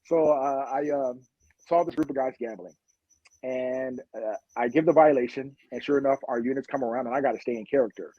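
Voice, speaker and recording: Husky, impassioned police officer telling stories. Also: male voice, mid-range voice, fairly quick, no room sound, highs cut off. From Long Beach, California. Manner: blunt, impassioned, street-wise storyteller. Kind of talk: podcast interview storytelling.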